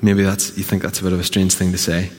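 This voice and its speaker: A man preaching a sermon as a pastor, earnest and emphatic with dramatic pauses. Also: low voice, level tone, darkish tone. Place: church auditorium. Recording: long reverb of a church hall.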